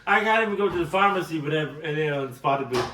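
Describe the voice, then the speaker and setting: Slightly high man chiming in from an echoey room. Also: lively intonation, fast talker. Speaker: podcast co-host. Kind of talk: casual chat. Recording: echoey room, mic at a distance, noisy.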